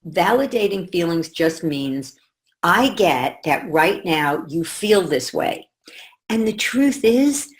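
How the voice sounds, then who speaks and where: Low, gravelly-voiced woman coach. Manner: calm, measured, explanatory. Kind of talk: teaching talk to camera.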